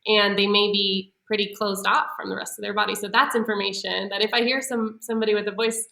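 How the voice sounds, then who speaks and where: A woman leads voice exercises in a relaxed podcast conversation. Her voice is bright and forward, and she explains patiently, often breaking into laughter. The sound carries a noticeable room echo. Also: mid-range voice, fast, gravelly. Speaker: voice coach.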